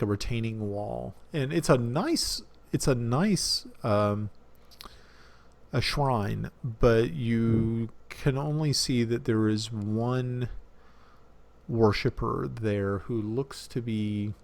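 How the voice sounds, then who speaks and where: A man narrating as dungeon master of a tabletop game, halting often with fillers and restarts. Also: mid-range voice, creaky, darkish tone.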